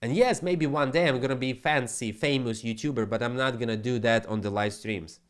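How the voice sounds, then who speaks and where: Fast-talking male trading streamer from Ukraine, animated, mid-pitched, English. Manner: fast, animated, non-native grammar. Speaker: trading channel host. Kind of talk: live stream market commentary.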